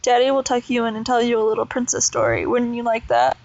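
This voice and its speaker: A woman voicing a gentle, patient stepfather coaxing a child. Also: on the high side, level tone, quick pace, dry recording, muffled recording, close to an everyday voice.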